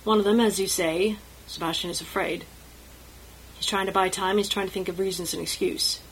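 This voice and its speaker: A woman telling an improvised fantasy story, measured and thoughtful, now and then pausing to rephrase. Her pitch sits in an ordinary middle range. A faint hum of room noise runs underneath. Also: fairly even intonation, rough recording.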